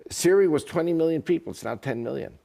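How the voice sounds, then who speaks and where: Male guest, lively and joking, pitch swinging freely. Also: fast, gravelly. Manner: animated, joking storyteller. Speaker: guest, author and politician. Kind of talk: casual interview talk.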